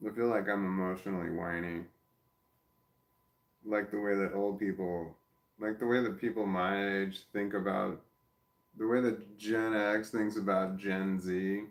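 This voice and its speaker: His deep voice is fairly even and unhurried as this vlogger chats casually to the camera about himself, rambling and restarting sentences he abandons. There's soft baby-talk directed at his dog, and the space gives a roomy echo.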